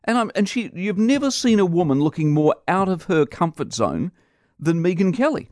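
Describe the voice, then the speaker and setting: Opinionated New radio host, dry sound. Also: male voice, sits high, sing-song, darkish tone, no room sound. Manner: emphatic, opinionated, quick to joke. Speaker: radio breakfast show host. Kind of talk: casual radio banter. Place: radio studio. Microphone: close studio microphone.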